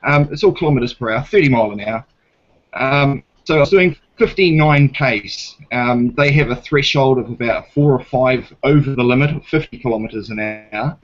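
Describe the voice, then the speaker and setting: A man's voice: mid-range voice, moderate pace, muffled recording. Blunt, swearing New Zealand man. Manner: blunt, swearing, retells a police stop acting out both sides. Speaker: guest. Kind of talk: casual debate chat.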